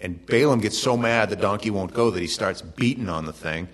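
Middle-aged male pastor, lowish voice, conversational sermon delivery with animated asides. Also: fairly quick.

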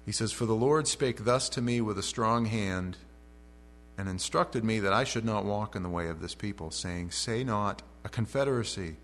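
A man preaching a verse-by-verse sermon, reading scripture aloud and then paraphrasing it in casual, modern speech. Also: fairly low pitch. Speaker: pastor. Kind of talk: expository sermon. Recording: faint mains hum.

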